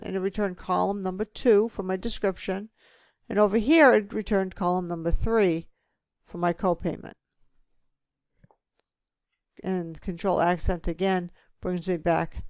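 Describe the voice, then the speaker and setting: A woman teaching a spreadsheet lesson, talking through each click step by step in a relaxed way. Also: medium pitch, clean tone, no room sound. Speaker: instructor. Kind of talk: screen-recorded software tutorial.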